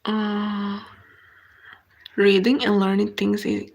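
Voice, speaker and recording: A woman with a Brazilian Portuguese accent hosts a relaxed live chat. Her voice is gravelly with vocal fry. She speaks unhurried, non-native English, restarting phrases as she answers viewer comments. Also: mid-range voice. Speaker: live stream host.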